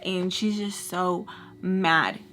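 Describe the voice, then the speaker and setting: A young woman vlogger telling a dramatic storytime while doing her makeup, chatty and animated, full of "like" and "y'all". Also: on the low side, slow pace, slight background noise. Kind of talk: casual storytelling.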